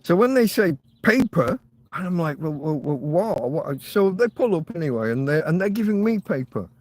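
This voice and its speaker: A man's voice: sits high, animated, brisk, a little mellow. An English man hosting his own podcast, ranting angrily and swearing, close to tears. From England. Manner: agitated, swearing, near tears. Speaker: podcast host. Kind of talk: angry ranting monologue.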